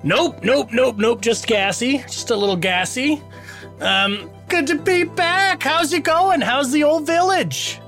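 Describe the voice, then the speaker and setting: A man voicing an excitable, childlike male bard who exclaims loudly and jokes around. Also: very high-pitched, measured pace, soft background music, voice pushed up, heavily acted. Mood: excited. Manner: loud, exclaiming, jokey.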